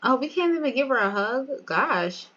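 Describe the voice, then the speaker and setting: A woman's voice: sits high, animated, moderate pace, fairly bright tone, dull audio. A woman giving casual, chatty gameplay commentary, often laughing and talking straight to her viewers. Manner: chatty, giggly, addresses viewers. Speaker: game video creator.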